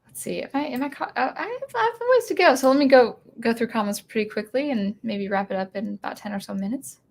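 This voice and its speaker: A woman's voice: fairly high pitch, expressive, fast talker, creaky, darkish tone. A woman hosting a live stream about music, talking casually and rambling with many restarts while reading out viewer comments. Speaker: music channel host.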